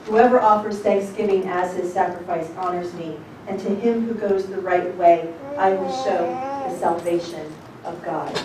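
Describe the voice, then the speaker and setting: A woman teaching a congregation as rebbetzin. She gives an informal sermon, reading scripture slowly and then talking bluntly and casually. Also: lowish voice, steady tone, crowd noise. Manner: emphatic and blunt, shifting between slow scripture reading and quick casual talk. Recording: echoey room, distant mic, noisy.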